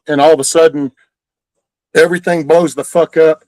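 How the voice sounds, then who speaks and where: A man's voice: a little high, steady tone, moderate pace, long pauses, darkish tone, dry recording, poor audio. Heated, profane man. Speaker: live stream host. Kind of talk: casual ranting chat.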